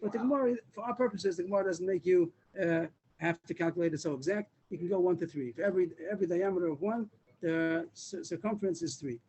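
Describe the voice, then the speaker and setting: Fast-talking man teaching a Talmud class. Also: high voice, darkish tone, husky, low-quality recording. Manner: explains step by step, repeats words, many restarts. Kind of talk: Daf Yomi class. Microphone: video call.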